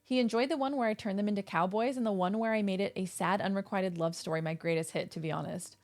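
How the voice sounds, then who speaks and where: A young woman hosts a casual livestream from her home setup. She rambles playfully to her viewers with goofy asides, and her voice sits at an ordinary middle pitch. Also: steady tone, quick pace, darkish tone. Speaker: live streamer. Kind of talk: casual chat with stream viewers.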